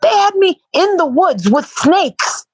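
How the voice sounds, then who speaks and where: A woman's voice: very high-pitched, big pitch swings, slow, dry recording, low-quality recording. A woman being interviewed in casual chat, talking bluntly and profanely and repeating herself in bursts. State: sore and worn out from protesting. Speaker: interview guest.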